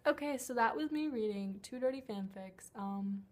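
A woman's voice: a little high, normal speed, background noise. A young woman reading a story aloud and mocking it with sarcastic asides. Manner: sarcastic, breaks off to mock the text. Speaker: comedy vlogger. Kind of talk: mock dramatic reading with commentary.

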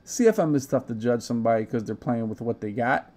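A man's voice: mid-range voice, expressive, fast, darkish tone. A young man hosting a casual gaming podcast, talking brash, profane trash talk. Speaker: podcast host.

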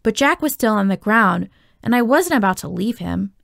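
A woman reading a children's novel aloud, telling the story in a steady, expressive way. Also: mid-range voice, normal speed, gravelly, no echo, studio quality. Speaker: audiobook reader.

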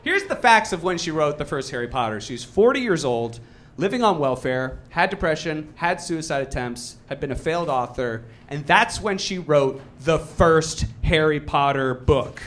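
A man doing a live stand-up set, talking in an animated way and jumping into loud mock voices when he quotes people. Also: on the high side, normal speed. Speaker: stand-up comedian. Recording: live club recording with audience noise. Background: audience laughter.

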